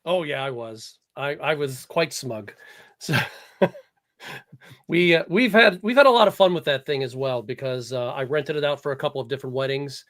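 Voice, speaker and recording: A man's voice: medium pitch, normal speed, a bit bright. A man co-hosting a live podcast, telling rambling stories in casual chat. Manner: rambling, chatty storyteller. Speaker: podcast co-host.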